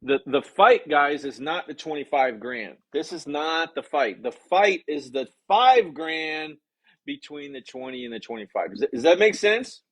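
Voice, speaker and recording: Energetic man coaching a live stream. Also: fairly high pitch, measured pace. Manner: energetic, repeats "okay?" often; reads viewer comments aloud. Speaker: sales coach. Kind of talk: live-streamed teaching talk.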